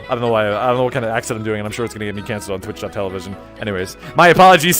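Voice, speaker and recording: A man's voice: on the low side, lively intonation, racing, few pauses, a bit bright, faint music behind. A young man chatting casually on a live stream, rambling and jokey as he reads chat aloud.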